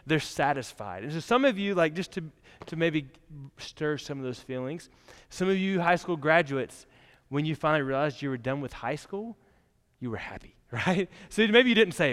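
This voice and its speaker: Preaching in a church, this young pastor keeps things chatty and conversational, laughing frequently and leaning on lots of fillers. His voice is a little high and expressive, clean and fairly bright, at a moderate pace. The recording has long church hall reverb.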